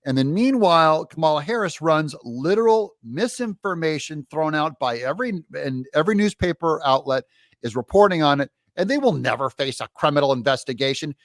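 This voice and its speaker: A man's voice: a little high, lively intonation, fairly quick, no echo, clean studio sound. A man hosting political commentary, mocking and sarcastically rebutting news clips.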